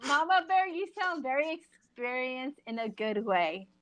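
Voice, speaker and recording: A woman's voice: high voice, sing-song, measured pace, a crowd in the background. A woman from San Diego with a San Diego accent, co-hosting a casual chat over an online call, teasing and giggly. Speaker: podcast co-host.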